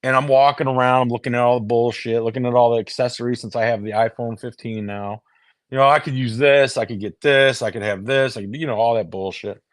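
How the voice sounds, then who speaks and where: Man, casual profane rambling, repeats and restarts, middle pitch, dry close phone sound. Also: steady tone, a little fast, dry recording. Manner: heavy swearing, restarts and repeated words. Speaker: streamer talking to viewers.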